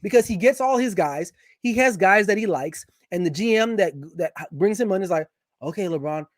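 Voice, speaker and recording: A man with a notably high voice talks sports as a guest, animated and opinionated. He often restarts his sentences as he builds a point. The sound is dry and close, with no room echo. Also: fairly quick. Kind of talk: casual sports chat.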